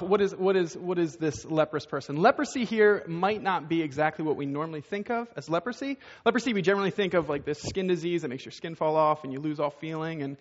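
Man, preacher, high voice, conversational sermon, rhetorical questions, muffled recording in an echoey hall. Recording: dull, echoey hall sound.

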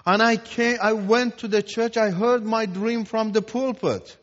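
Man, fairly high voice, emphatic preached testimony, long hall reverb. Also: steady tone, measured pace. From Iran. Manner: emphatic, repeats words for stress, swings from hushed to loud. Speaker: Christian teacher giving testimony. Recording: echoey hall, dull lo-fi sound.

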